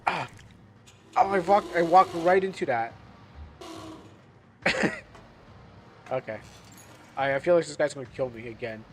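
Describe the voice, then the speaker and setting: A man's voice: a little high, a little slow, pauses often, a little hiss or hum. A man streaming a game live, chatting casually and rambling as he loses his train of thought. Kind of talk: casual live gameplay commentary.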